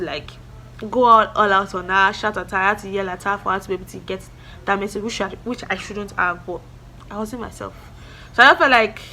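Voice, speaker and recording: A woman's voice: mid-range voice, pushed and bright, a little hiss or hum. A young woman, talking earnestly to camera in a casual vlog and repeating her encouragements. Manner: earnest, motivational, repeats phrases. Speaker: vlogger.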